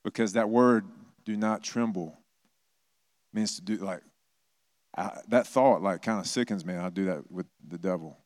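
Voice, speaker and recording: Relaxed preacher with a low, dry voice. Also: male voice, normal speed, long pauses, no echo. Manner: conversational, acts out quoted voices, self-deprecating humor. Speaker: pastor. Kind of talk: sermon.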